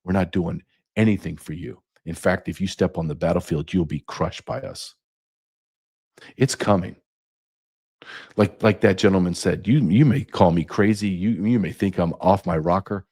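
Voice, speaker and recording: Speaking at a moderate pace in a deep, husky, darkish voice, a middle-aged podcast host gives an angry monologue. It's impassioned and profane, full of rhetorical questions.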